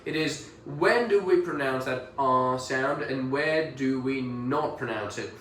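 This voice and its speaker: A man with a British accent coaching pronunciation one-on-one, modelling words slowly and encouraging the learner. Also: mid-range voice, a bit bright, roomy sound, recorded from a distance, slight background noise, poor audio. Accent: British English. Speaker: English pronunciation tutor.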